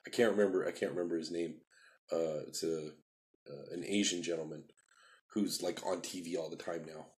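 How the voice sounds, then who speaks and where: A man telling his life story on a live video stream, rambling and repeating himself, acting out quoted dialogue, pushing some words hard and rushing others. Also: low voice, steady tone.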